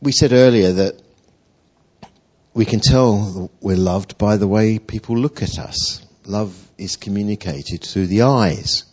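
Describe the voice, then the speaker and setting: A man preaching a sermon in an animated storytelling way, acting out quotes. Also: fairly low pitch, takes it slowly, slightly rough. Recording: dull lo-fi recording.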